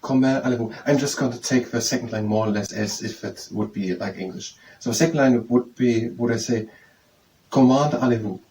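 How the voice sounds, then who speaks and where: A man working through a French phrase book aloud, halting and thinking out loud as he slowly repeats each phrase several times. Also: fairly low pitch. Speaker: language learner teaching himself. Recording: distant mic with faint room noise.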